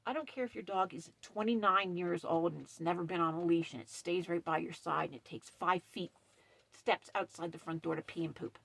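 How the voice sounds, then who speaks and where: A middle-aged woman talks to her phone camera from a dark trailer, worked up after a quarrel. Her voice sits a little low, with a gravelly, slightly husky edge. She speaks emphatically and sternly. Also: a little fast. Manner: upset, emphatic, retells quarrel with stern quoted lines. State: shaky and upset. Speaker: camp host. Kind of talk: casual vlog rant. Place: dark trailer at night with ring light.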